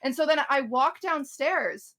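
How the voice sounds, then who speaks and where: A woman telling a party story in casual chat, lively and swearing as she acts out what people said. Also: sits high, measured pace. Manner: animated storytelling, swearing, acted-out quotes. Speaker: podcast guest telling a story.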